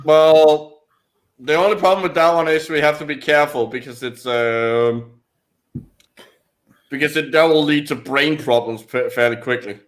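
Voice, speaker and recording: A man with a Danish accent chats casually while playing a strategy game, pausing and restarting as he thinks things through. His voice sits a little high for a man. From Denmark. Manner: thinking aloud, hesitant restarts. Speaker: co-host. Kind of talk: casual game-stream chat.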